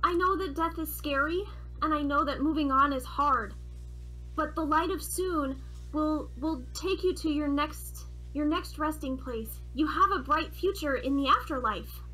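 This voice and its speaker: A woman voicing a gentle adventurer who speaks softly and kindly. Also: high-pitched, a little slow, soft background music, rough recording. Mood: consoling. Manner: soft and kind. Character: kind gentle adventurer comforting an old man.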